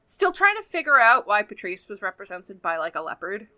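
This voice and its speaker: A woman co-hosting a podcast in casual chat, relaxed and thinking aloud. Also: mid-range voice, a little fast. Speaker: podcast co-host.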